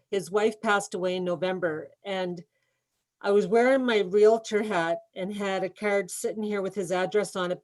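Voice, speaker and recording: A woman's voice: mid-range voice, darkish tone, rough recording. A woman real estate agent on a video call, telling an earnest personal story in a training session. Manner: earnest storytelling, emotional at times. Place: home office.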